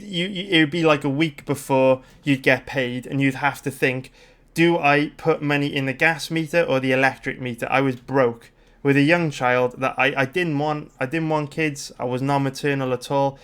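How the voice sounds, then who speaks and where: A man's voice: medium pitch, a bit bright, clear, resonant tone. A British man in his thirties hosting a livestream, talking casually in a rambling way, swearing freely and full of fillers and restarts. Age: 30s. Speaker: livestream host.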